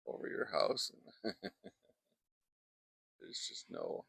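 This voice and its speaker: A man's voice: extremely slow, fairly bright tone, dry recording. A man giving a casual painting demonstration outdoors in a backyard, chatting and wandering off into asides as he works, speaking into a close microphone. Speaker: painting instructor.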